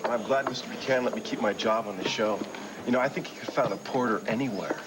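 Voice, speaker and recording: A playful young porter who teases and jokes, played by an actor in a 1980s soap opera. His voice sits at a medium pitch. Heavy noise runs under the recording. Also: fast talker, natural voice. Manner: teasing, joking. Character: joking young man, a porter.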